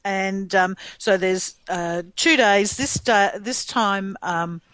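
A woman's voice: mid-range voice, slow, fairly bright tone, no room sound, poor audio. A woman co-hosting a podcast in casual chat, rambling with lots of fillers and frequent laughter. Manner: chatty, laughing often, rambling with many fillers. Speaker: podcast co-host.

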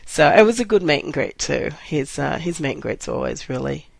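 Casting: woman, casual storyteller, animated and laughing, dry close sound. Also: sits low, fairly quick, creaky, dry recording, poor audio. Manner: animated, laughing, acts out quotes. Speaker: fan recounting a convention meet.

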